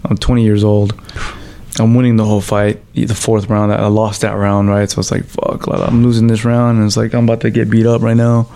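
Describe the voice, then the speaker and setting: A professional fighter telling stories in a casual interview, loose and full of swearing, with fillers like "you know" and "like.". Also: male voice, lowish voice, dark tone.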